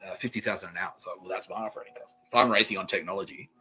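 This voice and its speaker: A man hosting a comedy podcast, rambling and swearing, often laughing, swinging between mumbles and shouts. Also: low voice, very fast. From Australia. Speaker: podcast host. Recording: dull lo-fi podcast audio with faint music.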